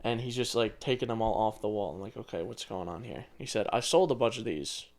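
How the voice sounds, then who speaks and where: A man's voice: lowish voice, fast, a little mellow, faint music behind. A man in his twenties co-hosting a podcast, rambling through a story in casual chat and swearing now and then. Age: 20s. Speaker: podcast co-host.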